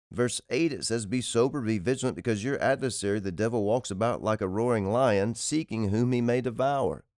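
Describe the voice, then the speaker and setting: A man's voice: on the low side, a little mellow, clear, resonant tone, dry recording, clean studio sound. A man preaching on a podcast in an emphatic, repetitive cadence, reading and expounding scripture. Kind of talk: sermon-style podcast teaching.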